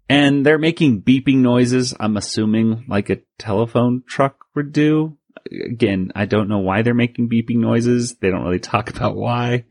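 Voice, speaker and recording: A man's voice: mid-range voice, moderate pace, darkish tone, no room sound, clean studio sound. A man co-hosting a podcast, recapping a comic in a rambling, self-interrupting way with frequent laughs. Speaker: podcast co-host. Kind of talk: casual chat.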